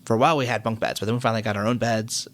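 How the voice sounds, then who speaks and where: A man co-hosting a podcast, chatting casually and telling animated, joking stories. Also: fairly low pitch, rapid-fire. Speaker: podcast co-host. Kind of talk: casual chat.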